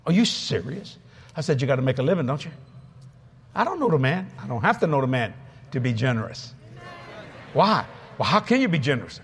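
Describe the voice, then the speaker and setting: A man's voice: medium pitch, brisk, pauses often, breathy edge. A man preaching a sermon at a convention, telling funny stories with laughing asides. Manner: storytelling, laughing, lively asides. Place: convention hall.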